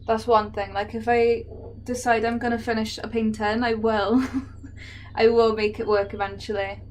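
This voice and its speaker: A woman from England whose accent has drifted Welsh, talking to her viewers as she paints. Her voice sits a touch high. She keeps it casual and chatty, breaking into laughs as she answers comments. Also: flat delivery, moderate pace, a little hiss or hum. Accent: Welsh-tinged English. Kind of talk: casual chat while painting.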